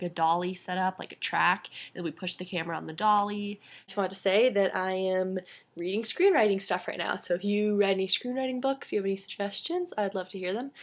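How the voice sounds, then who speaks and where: Young woman gushing about movies into her camera at home, bubbly, quick little asides. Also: medium pitch. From Colorado, United States. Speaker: vlogger. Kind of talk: casual vlog chat. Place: home bedroom.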